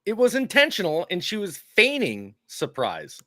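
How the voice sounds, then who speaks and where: Guy on a podcast teasing his buddies, bright voice, super dry mic. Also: high voice, huge pitch swings, normal speed, dry recording. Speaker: podcast co-host. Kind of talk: casual podcast chat.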